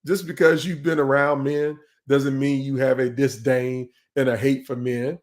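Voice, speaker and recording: A man's voice: mid-range voice, level tone, unhurried, hardly any pauses. A middle-aged man hosting a live online leadership session, speaking in a conversational, emphatic way and often repeating words as he goes.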